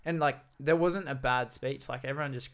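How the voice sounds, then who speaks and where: Relaxed young man hosting a podcast. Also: medium pitch, brisk. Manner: relaxed, rambling, many fillers. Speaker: podcast co-host. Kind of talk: casual chat.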